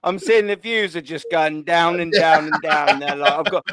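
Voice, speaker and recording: A man's voice: a little high, moderate pace, a loud crowd. A man hosting a live fan chat, joking, laughing and swearing a lot. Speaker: live stream host.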